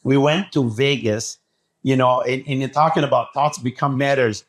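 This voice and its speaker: A man telling a story as a podcast guest, talking excitedly and acting out what people said. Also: mid-range voice, moderate pace. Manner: acts out quoted dialogue, excitable. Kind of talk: animated storytelling.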